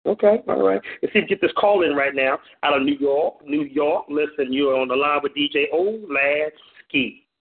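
A man hosting a call-in radio show as DJ, playful and animated, hyping up callers and listeners. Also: on the high side, moderate pace. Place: home studio on a phone-in internet radio show. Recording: tinny phone-line audio.

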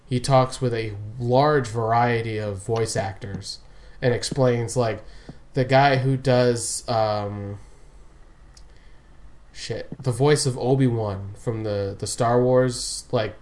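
Male podcast co-host, mid-pitched, rambling casual delivery that trails off, laughs a lot. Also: fairly even intonation, takes it slowly, a little mellow. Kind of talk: casual chat. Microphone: remote call. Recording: remote call audio.

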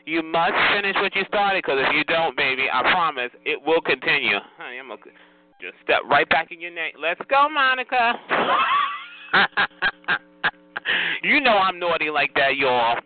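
A man's voice: on the high side, expressive, normal speed, phone-quality sound, over music. A man hosting a phone chat line, scolding callers in a sassy way and calling everyone honey.

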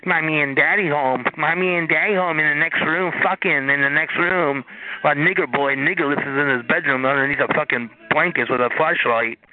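A man's voice: on the high side, a little fast. A man in a crude phone chat, taunting and repeating himself. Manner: taunting, repetitive. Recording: phone-line audio with faint music.

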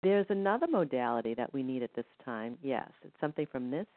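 A woman leading a guided healing session, gently counting rhythms aloud. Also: rumbling low, expressive, fast talker, no room sound. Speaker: energy healing practitioner. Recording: dry, tinny phone-like line.

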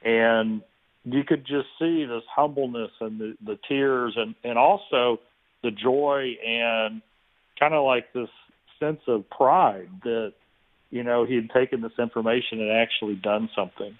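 A man telling a long personal story in an interview, relaxed and anecdotal, acting out the people in it. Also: medium pitch, a little slow. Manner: relaxed anecdotal, many restarts and quoted dialogue. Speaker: guest. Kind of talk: conversational storytelling. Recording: tinny phone-like line.

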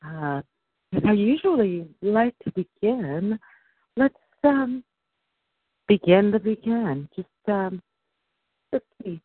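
A woman's voice: medium pitch, animated, husky, no room sound. Woman hosting a call over a tinny phone line. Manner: measured, formal delivery with frequent fillers. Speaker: host of a call-in show. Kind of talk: conference call hosting and interview.

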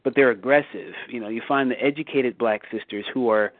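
A man's voice: mid-range voice, brisk, no room sound. A man hosting a bible study discussion, talking emphatically with repeats and restarts, rising sharply for rhetorical questions. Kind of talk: casual discussion on a call. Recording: dry tinny phone line.

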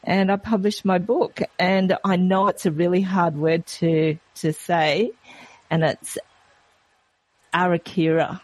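A woman with an Australian accent, a guest in a radio interview, speaking in a calm, friendly, measured way. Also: on the low side, no echo. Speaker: guest, medical intuitive. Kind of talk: phone-in interview.

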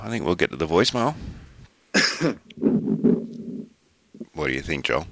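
A man's voice: deep voice, expressive, moderate pace, vocal fry, pauses often, fairly bright tone, no room sound. A man with an Australian accent hosting a podcast, joking and teasing his co-hosts in casual banter. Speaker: podcast host.

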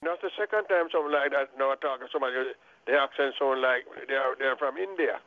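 A man from Jamaica with a Jamaican accent, telling a testimony on a prayer call line in an earnest, halting way with many restarts. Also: mid-range voice, no room sound. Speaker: caller sharing a testimony. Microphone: telephone. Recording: phone line.

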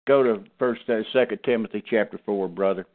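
A man's voice: on the low side, a little fast. A man preaching in a folksy, emphatic way, repeating his key phrases and calling on a brother to read. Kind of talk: sermon teaching. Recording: phone-like narrow band.

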